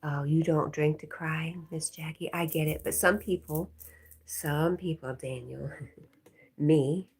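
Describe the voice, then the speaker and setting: A woman's voice: deep voice, fairly even intonation, measured pace, slightly rough. A woman hosting a casual livestream, reading viewers' comments aloud and chatting with her dog, laughing often. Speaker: livestream host reading chat.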